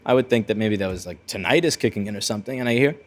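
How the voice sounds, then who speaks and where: A man's voice: lowish voice, racing. A man hosting his own video, telling a rambling, blunt story with frequent restarts. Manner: rambling, self-correcting, blunt. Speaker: repair-shop video host. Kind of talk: casual storytelling monologue.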